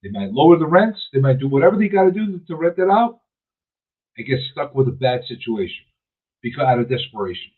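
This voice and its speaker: A man's voice: medium pitch, sing-song, fairly quick, husky. A man hosting a talk radio show, giving an emphatic, opinionated monologue and often restarting his sentences. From New York City. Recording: tinny phone-like radio audio.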